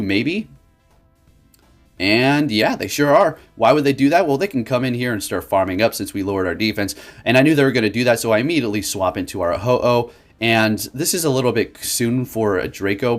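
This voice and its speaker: A man giving casual, excitable gameplay commentary for his channel, laughing often and talking to viewers as folks. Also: lowish voice. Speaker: gaming YouTuber.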